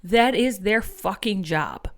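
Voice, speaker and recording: A woman's voice: medium pitch, lively intonation, slow pace. A woman hosting an activist podcast, delivering an angry, profane political monologue and rallying her listeners as friends.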